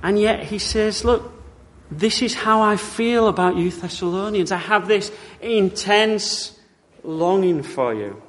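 Male British preacher, bright lively pitch, conversational wry sermon, reverberant church hall. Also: slow pace. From Britain. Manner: wry, conversational preaching with rhetorical tag questions.

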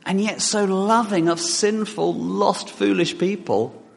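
Guy preaching a sermon, slightly high voice, long church echo, keeps asking the crowd questions. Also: fairly even intonation, takes it slowly, gravelly. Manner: asks the congregation direct questions. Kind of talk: sermon with scripture reading. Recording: long hall reverb in church.

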